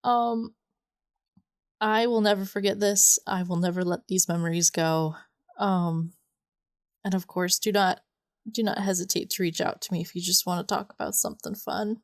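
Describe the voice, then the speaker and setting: A woman hosting a podcast, talking casually with many fillers and pauses, sounding emotional and close to tears. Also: on the low side, steady tone, dry recording. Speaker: podcast host.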